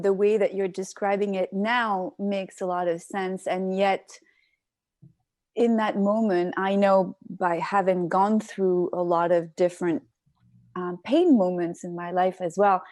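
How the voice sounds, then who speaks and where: Woman, podcast host, slow unhurried pace, dry close sound, thoughtful questions. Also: medium pitch, darkish tone, no room sound. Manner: thoughtful, searching questions with pauses. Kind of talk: interview conversation.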